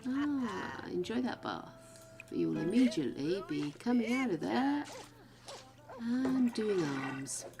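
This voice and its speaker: A woman's voice: a little high, very animated, slow pace, music in the background. A British woman streaming gameplay in casual chat, cooing fondly at her dog and laughing often.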